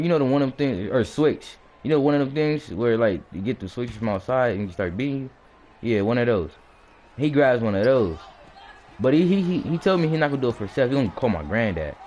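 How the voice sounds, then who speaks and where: A man telling a personal story in a casual, animated way, often restarting his sentences and acting out the blows with sound words. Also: medium pitch, muffled recording, slight background noise.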